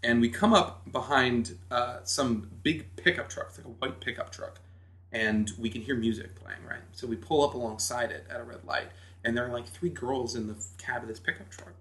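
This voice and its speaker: A man's voice: mid-range voice, moderate pace. A man from New Hampshire, a podcast guest, telling a story in casual chat and acting out quotes. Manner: animated storyteller, acts out quotes.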